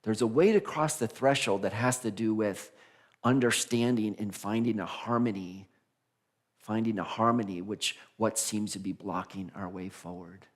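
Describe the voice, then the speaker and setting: A man minister preaching a conversational Sunday sermon, animated and laughing as he acts out the voices of figures in his stories. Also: fairly low pitch, normal speed. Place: church sanctuary.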